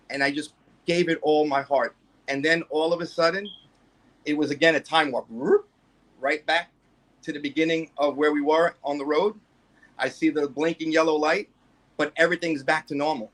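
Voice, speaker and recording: A man's voice: fairly high pitch, fairly bright tone. A man guest telling a personal story in a rambling way, full of fillers and restarts.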